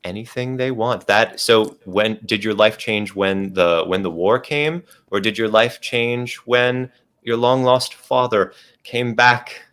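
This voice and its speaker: A man's voice: fairly low pitch, measured pace, a bit bright, clean tone. A man casually explaining tabletop game rules on a livestream, step by step and with restarts.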